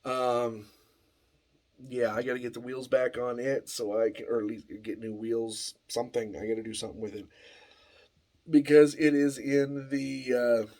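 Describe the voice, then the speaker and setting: A man's voice: medium pitch, flat delivery, normal speed, darkish tone. A man casually telling a rambling story in a workshop vlog, full of fillers and restarts. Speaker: vlogger. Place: home workshop.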